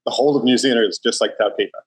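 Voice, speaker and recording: A man's voice: medium pitch, racing, husky, poor audio. A man with an Australian accent, a podcast guest, joking dryly. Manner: dry, joking. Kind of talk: casual podcast interview.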